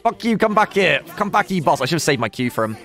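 A man's voice: on the high side, sing-song, fast, a bit bright, soft background music. A young man streaming a video game, commentating casually, swearing and laughing as he talks to chat and teammates.

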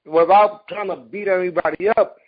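Husky man hosting a casual talk. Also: high-pitched, fairly even intonation, moderate pace, muffled recording. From New York City, US. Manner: enthusiastic, repeats words as he starts his sentences. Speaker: host. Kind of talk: casual interview chat.

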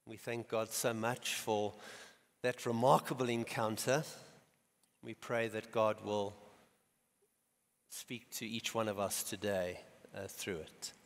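A man preaching a sermon, telling stories in a slow, measured way with quiet dramatic pauses. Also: fairly low pitch, steady tone, vocal fry. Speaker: guest preacher. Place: church. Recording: long church hall reverb.

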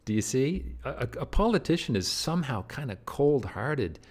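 A man's voice: mid-range voice, big pitch swings, normal speed, a little mellow. A man giving a recorded literature lecture, who often repeats and restarts words and keeps checking in with his listeners.

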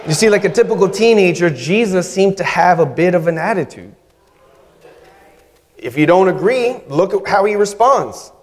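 A man preaching a sermon as guest preacher, measured and humorous, with emphatic pauses. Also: high-pitched, animated. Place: church sanctuary. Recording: reverberant church hall.

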